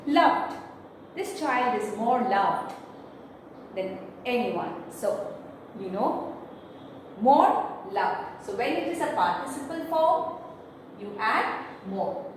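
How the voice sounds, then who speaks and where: A woman's voice: fairly high pitch, animated, slow pace, pauses often. A woman teaching a grammar lesson, explaining step by step and spelling out letters. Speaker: English teacher. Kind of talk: slow classroom grammar lesson. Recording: echoey room, mic far off, faint noise.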